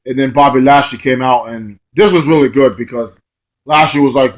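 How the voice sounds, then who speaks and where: A man recapping a wrestling show for his channel in a loose, off-the-cuff way. His talk wanders and leans on plenty of fillers, and his voice sits at an ordinary middle pitch for a man. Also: steady tone, normal speed. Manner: loose and rambling, full of fillers. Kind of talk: casual spoken recap.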